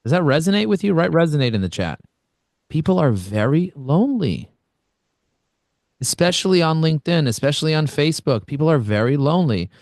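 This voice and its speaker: Man from Brooklyn, networking coach, blunt and energetic, video call, dry close sound. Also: a little high, a little fast, no room sound. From Brooklyn, New York. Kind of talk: online coaching session.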